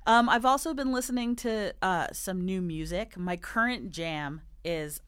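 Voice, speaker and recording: A woman's voice: medium pitch, measured pace, a bit bright, clear, resonant tone, no room sound, clean studio sound. A woman hosting a podcast in casual chat, gushing and playful with lots of slang. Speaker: podcast host.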